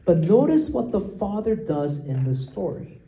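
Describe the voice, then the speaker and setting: Male preacher, sermon, explanatory, checks in often, mellow tone, echoey room. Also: high voice, sing-song, measured pace, creaky. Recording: roomy echo.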